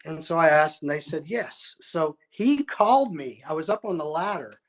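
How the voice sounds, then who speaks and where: Animated storytelling man, raised pitch. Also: normal speed. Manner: animated, acts out quotes, restarts often. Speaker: musician guest. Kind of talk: storytelling interview.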